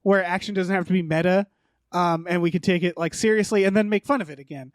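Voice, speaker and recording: A man's voice: high-pitched, fairly even intonation, quick pace, no echo, studio quality. A man co-hosting a podcast, musing hesitantly about movies with frequent stammers. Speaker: podcast co-host. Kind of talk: casual movie chat.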